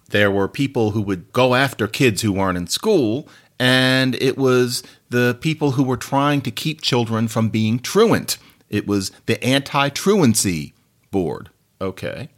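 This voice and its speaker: A man hosting a solo podcast in a chatty, wry, digressive way, with playful asides and sudden jumps up in pitch when he stresses a point. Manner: lively, with big jumps up in pitch on emphasis. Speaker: podcast host.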